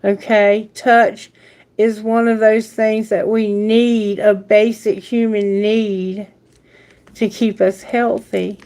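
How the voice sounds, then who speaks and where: A woman's voice: medium pitch, level tone, slow pace, darkish tone. A woman reading tarot on a live stream, chatting casually and affectionately in a rambling way. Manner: affectionate, rambling, baby talk to pets. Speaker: tarot reader.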